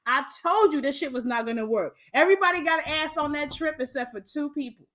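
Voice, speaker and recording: A woman's voice: high voice, expressive, fast talker, few pauses, fairly bright tone. A woman in her thirties telling a profane story in casual chat, laughing often and talking with lots of energy.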